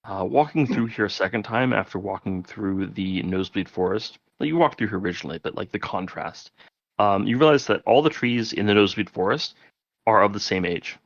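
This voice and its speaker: A man's voice: lowish voice, fairly quick, dry recording. A man narrating as game master in a loose, rambling way with many fillers. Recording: dry, dull lo-fi audio.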